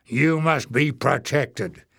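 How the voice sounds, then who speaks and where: A man voicing a gruff, fierce male warrior who growls and mutters. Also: mid-range voice, slow pace, a bit bright, dry recording, clean studio sound, heavily acted. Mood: stern.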